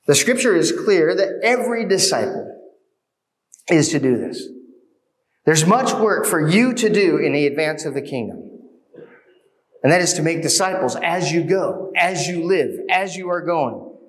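Male pastor, slightly high voice, earnest exhorting sermon delivery. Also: expressive, unhurried. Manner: earnest, exhorting with rhetorical questions.

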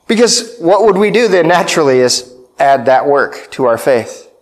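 High-voiced man preaching emphatically. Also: very animated, normal speed. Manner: emphatic preaching with repeated phrases and frequent "right?". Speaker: pastor. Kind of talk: sermon.

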